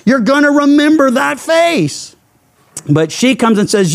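A man pastor preaching a Bible sermon, earnest and emphatic, letting his phrases fall low at the end. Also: sing-song, a little slow. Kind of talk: expository sermon.

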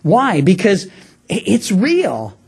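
A man's voice: sits high, huge pitch swings, slow pace, vocal fry, darkish tone, slightly rough. A man preaching a radio sermon, talking through his point in a conversational way, with frequent restarts and stammers. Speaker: pastor.

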